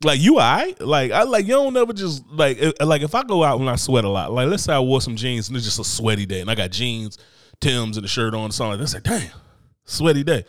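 Brief: male co-host, lively, profane comic banter, dry studio sound. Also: medium pitch, fast talker, dry recording. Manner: animated, profane, acts out voices. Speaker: podcast co-host. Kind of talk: casual comedic chat. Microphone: studio mic, close.

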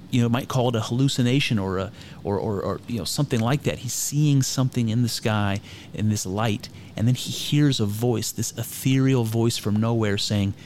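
Man, casual commentary, irreverent, swears, thinks aloud with fillers, middle pitch. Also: darkish tone, slight background noise. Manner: irreverent, frank and conversational, swears freely. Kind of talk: casual spoken commentary on scripture.

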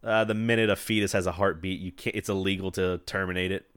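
This man has a deep, smooth voice and talks fast. He's from the American South, telling stories on a podcast with plenty of laughter and free swearing in an animated, casual way.

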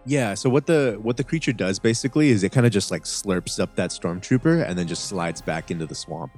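A man narrating a tabletop game as game master, casual and halting with many fillers. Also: lowish voice, animated, a little mellow, soft background music.

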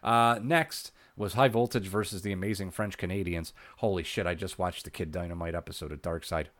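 A man's voice: low-pitched, fairly even intonation, fairly quick, a bit bright, dry recording. A man co-hosting a podcast, casually recapping old wrestling shows, laid-back and swearing, laughing often. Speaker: podcast co-host.

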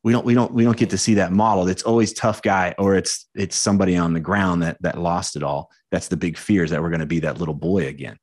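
A man speaking as a coach and podcast guest, frank and animated, swearing freely in candid conversation. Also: sits low, fast, hardly any pauses.

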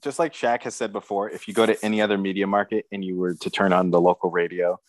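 Deep-voiced wry podcast man. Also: steady tone, quick pace, no echo. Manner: wry, joking. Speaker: sports podcast co-host. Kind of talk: casual sports talk.

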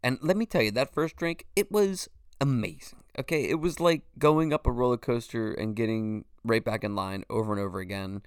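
In a clean, echo-free studio recording, a man in his forties delivers a casual solo podcast monologue. His medium-pitched voice is smooth and moves at a normal speed as he rambles loosely, curses freely, and leans heavily on "you know."

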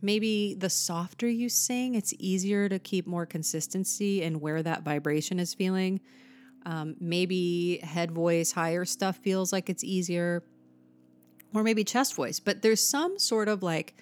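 A woman singing teacher with a fairly low voice explains vocal technique to her viewers a little slowly. She's patient and thorough, posing rhetorical questions along the way.

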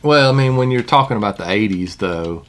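Deep-voiced easygoing male co-host. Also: expressive, brisk, fairly bright tone. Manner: easygoing, listing names as he goes. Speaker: podcast co-host. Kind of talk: casual podcast chat.

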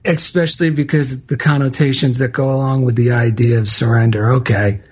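A man's voice: medium pitch, fairly even intonation, brisk, darkish tone, slightly rough. A man with a New Jersey accent co-hosting a talk show, chatting casually, repeating himself and laughing easily. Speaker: co-host. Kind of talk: casual chat.

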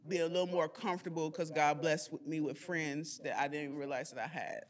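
Man, somewhat high voice, halting, self-correcting, sharing in a group. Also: fairly even intonation.

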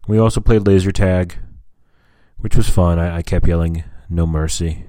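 A man's voice: sits low, fairly even intonation, normal speed, dark tone, no echo, clean studio sound. A man talking casually in a rambling personal vlog, full of fillers and swearing. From US Southwest. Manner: rambling, frequent fillers and cursing. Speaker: vlogger.

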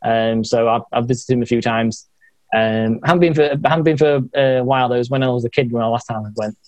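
A young man with a Yorkshire accent talks in a loose, rambling way, stopping often to reach for words with plenty of "like" and "uh". His voice sits at an ordinary middle pitch. The sound is close and dry, with no room around it. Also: fast talker, no echo. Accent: Yorkshire English. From England, Yorkshire. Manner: hesitant, rambling with many fillers and laughs. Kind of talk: casual chat.

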